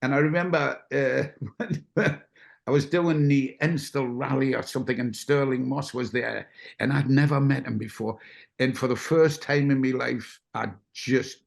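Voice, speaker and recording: Gravelly man telling rambling stories. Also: mid-range voice, steady tone, normal speed. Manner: rambling, acts out quotes, laughs. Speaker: guest. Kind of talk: casual anecdote telling.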